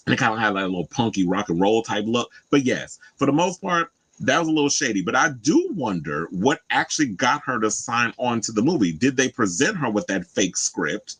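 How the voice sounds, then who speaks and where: Animated, chatty man with a low voice. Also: husky, low-quality recording. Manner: animated, chatty, swings high for emphasis and quoted asides. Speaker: host. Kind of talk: casual celebrity gossip commentary.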